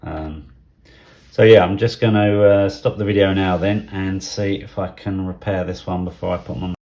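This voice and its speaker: Low gravelly middle-aged man thinking aloud. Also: steady tone. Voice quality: soft, half-whispered at times. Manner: thinking aloud, halting with fillers. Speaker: model railway vlogger. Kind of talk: casual hobby unboxing commentary.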